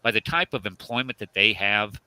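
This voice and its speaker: A man hosting an online discussion panel, blunt and emphatic, swinging between loud outbursts and low asides. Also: normal speed. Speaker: host.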